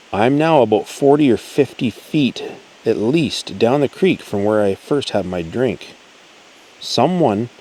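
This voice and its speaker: A man hosting his channel, reading a listener's encounter story aloud in an earnest, storytelling way with pauses. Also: medium pitch, darkish tone, a little hiss or hum, low-quality recording. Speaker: channel host.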